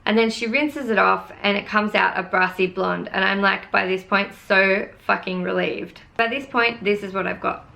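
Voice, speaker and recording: A woman's voice: mid-range voice, steady tone, normal speed, gravelly, hardly any pauses, bright, forceful tone. A young woman telling a storytime vlog, exasperated and swearing casually as she vents. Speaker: beauty vlogger.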